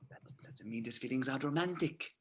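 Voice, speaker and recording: A man reading the part of a suave, menacing SS colonel in an amateur script reading, soft and toying, with a husky voice. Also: medium pitch, measured pace. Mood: probing.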